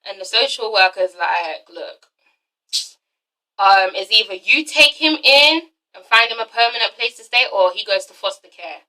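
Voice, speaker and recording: A woman recapping a TV episode in a casual vlog, excitable and profane, acting out the characters in quick asides. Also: mid-range voice, rough recording. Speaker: TV episode reviewer.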